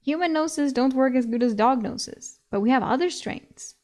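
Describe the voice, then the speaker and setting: Woman doing a fed-up young heroine, incredulous quick comebacks, fairly high voice. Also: darkish tone, lightly acted. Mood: exasperated. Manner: exasperated, incredulous, quick retorts. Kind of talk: reading a novel aloud with voices.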